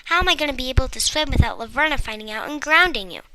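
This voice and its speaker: A woman doing a squeaky excited guinea pig. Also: fast talker, no room sound, heavily acted, rough recording. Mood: amazed. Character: cheerful chatty talking female guinea pig.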